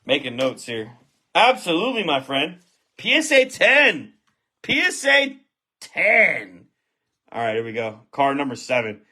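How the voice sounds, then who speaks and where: Loud, swearing male box break host, high and bright voice, swings wildly in pitch, bursts into shouts. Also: unhurried. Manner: excitable, profane, shouts at big pulls. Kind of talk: live box break stream commentary.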